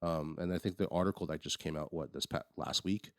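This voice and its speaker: A man's voice: a bass voice, steady tone, fairly quick, no echo, studio quality. A man co-hosting a podcast, reviewing a movie in casual, rambling chat with many restarts. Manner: rambling, frequent restarts and fillers. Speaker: podcast co-host.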